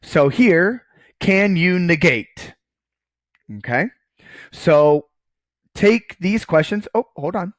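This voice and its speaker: A man's voice: high-pitched, lively intonation, slow, pauses often, no echo. A man giving a recorded math lecture, casual and joking, often checking in with "okay" while writing on screen. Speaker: college math professor.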